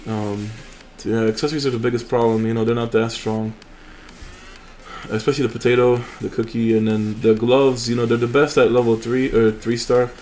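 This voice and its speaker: A man's voice: medium pitch, little pitch movement, normal speed, darkish tone, soft background music. A young man hosting a mobile game channel, chatting casually and rambling with fillers and restarts over his gameplay.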